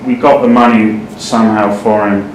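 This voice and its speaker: A man's voice: fairly low pitch, moderate pace. Man telling a story in a roomy space. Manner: steady storyteller, many ums. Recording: roomy, distant mic, faint noise.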